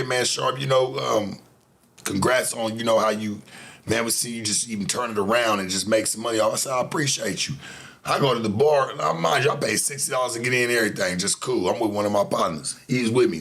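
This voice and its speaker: A man's voice: fairly low pitch, fairly bright tone. Laid-back profane man telling stories. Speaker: show host. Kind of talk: casual storytelling monologue.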